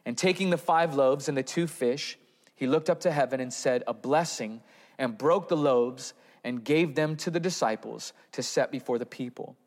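A man's voice: mid-range voice, moderate pace. A man preaching a sermon, reading scripture and acting out the apostles with a raised, exasperated voice. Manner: expressive, acts out the apostles in a raised voice. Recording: long hall reverb.

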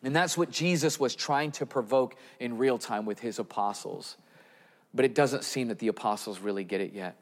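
A man's voice: medium pitch, normal speed. A man preaching a sermon, reading scripture and acting out the apostles with a raised, exasperated voice. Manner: expressive, acts out the apostles in a raised voice. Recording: long hall reverb.

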